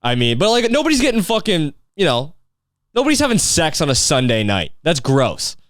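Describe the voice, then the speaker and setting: A man's voice: on the high side, wildly swooping pitch, a little fast, fairly bright tone, no echo, studio quality. A young man hosting a podcast, rambling in a casual, profane comedic rant full of fillers and restarts. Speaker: podcast host.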